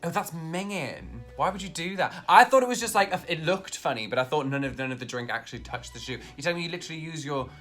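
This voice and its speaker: Brief: British guest, bright and lively, faint music bed. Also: mid-range voice, fast talker, few pauses. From Britain. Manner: animated, laughing guesses. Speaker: guest guessing slang. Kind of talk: casual chat.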